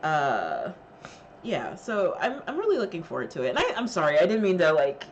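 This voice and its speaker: A woman's voice: low voice, wildly swooping pitch, normal speed, muffled recording, slight background noise. A woman streamer chatting casually with her live chat, emotional and laughing, thanking viewers with lots of fillers.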